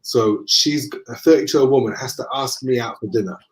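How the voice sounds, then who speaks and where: A man with a Northern English accent, a guest in a conversation, telling lively anecdotes and acting out the dialogue. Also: mid-range voice, brisk. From northern England. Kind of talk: casual storytelling in conversation.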